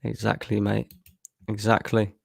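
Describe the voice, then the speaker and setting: A man's voice: fairly low pitch, monotone, unhurried, vocal fry, no room sound, studio quality. A man streaming a live match watchalong, tired after a long work shift and bluntly frustrated, swearing freely. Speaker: fan channel streamer.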